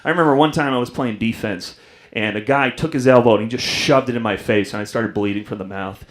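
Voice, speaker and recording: Young male stand-up, mid-pitch voice, self-mocking storyteller, club stage mic. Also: quick pace. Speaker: stand-up comedian. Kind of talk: stand-up comedy set.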